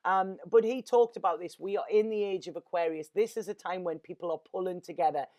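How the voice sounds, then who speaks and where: A woman's voice: lowish voice, a little fast, darkish tone. A woman, a tarot reader talking in an earnest, rambling, emotional way and often repeating her words. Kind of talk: casual spiritual monologue.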